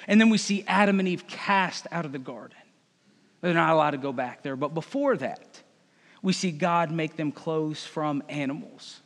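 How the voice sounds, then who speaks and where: Male pastor, relaxed sermon with wry jokes, high voice, reverberant hall. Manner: conversational, joking asides.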